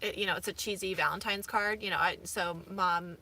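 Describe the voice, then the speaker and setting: A woman's voice: on the low side, steady tone, brisk, pushed and bright. A woman in her thirties, rambling casually with many fillers as a vlogger from inside her camper van. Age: 30s. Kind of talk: casual chat.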